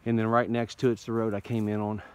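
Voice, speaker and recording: A man's voice: fairly low pitch, completely flat delivery, fast talker, a little mellow, clear, resonant tone, low-quality recording. A man with an Indiana accent talking casually to his phone camera outdoors in the winter woods. He rambles in an easygoing, folksy way and is a little out of breath from hiking uphill. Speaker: bushcraft vlogger. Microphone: phone held in hand.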